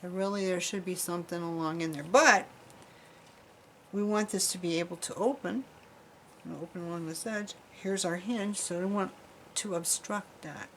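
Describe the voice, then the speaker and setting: A woman's voice: lowish voice, steady tone, normal speed, a little hiss or hum, rough recording. Chatty woman demonstrating jewelry crafts. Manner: chatty, rambling, talks while working with her hands. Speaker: jewelry-making instructor. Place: craft workshop.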